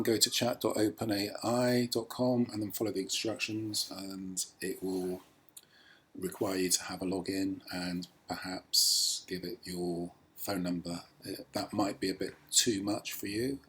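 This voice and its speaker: Brief: man, low husky voice, hesitant tutorial vlogger. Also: moderate pace. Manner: hesitant, many ums, relaxed explaining. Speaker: language learner showing a practice tool. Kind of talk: casual screen tutorial.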